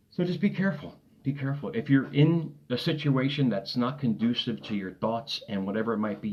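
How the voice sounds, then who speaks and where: A man's voice: medium pitch, darkish tone, muffled recording. A man giving an early-morning motivational talk from his desk, upbeat and rambling, laughing often and repeating himself. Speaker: motivational coach. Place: home desk.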